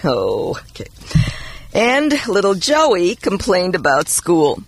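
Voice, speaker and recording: A co-host reads mock commercials and one-liners with playful emphasis. The pitch swings widely from line to line. The recording is dry and close. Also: takes it slowly, creaky, dry recording. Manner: lively, expressive read with playful emphasis. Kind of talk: reading mock ads and jokes aloud.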